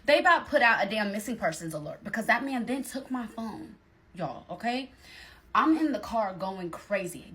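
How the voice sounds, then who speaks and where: A young adult woman telling a personal story to her viewers in a casual, slangy, animated way, often acting out what people said. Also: mid-range voice, moderate pace. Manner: animated, slangy, talks straight to viewers and acts out quoted lines. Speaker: storytime vlogger.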